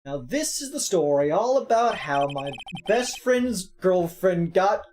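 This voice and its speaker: A woman's voice: fairly low pitch, very animated, unhurried, a little mellow, a little hiss or hum. A woman reading the lines of a nervous young male defense lawyer in a video game, mixing in joking asides. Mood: narrating. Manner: reading narration aloud, jokey asides.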